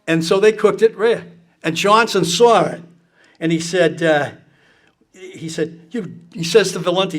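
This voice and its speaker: High-voiced man telling blunt anecdotes. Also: normal speed. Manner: blunt, profane, quotes people with gusto. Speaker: speaker recounting political anecdotes. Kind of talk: casual storytelling to an audience.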